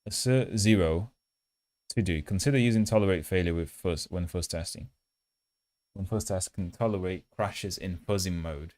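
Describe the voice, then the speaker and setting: A man with a low voice hosts a coding livestream from his desk. He chats with viewers, jokes at his own expense and sometimes pulls the mic right up to his mouth. The sound is dry and close, with no room in it. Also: moderate pace, darkish tone, no echo. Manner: chatty and self-mocking, reads chat aloud; holds mic close in a mock ASMR voice. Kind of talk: casual livestream chat while coding. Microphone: handheld mic held close.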